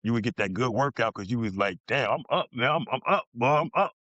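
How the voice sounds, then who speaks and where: New Jersey man, podcast guest, mid-pitched, blunt and profane, acts out other people's lines; muffled, dry recording. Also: lively intonation, fairly quick, pushed and bright, no room sound. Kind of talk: casual storytelling.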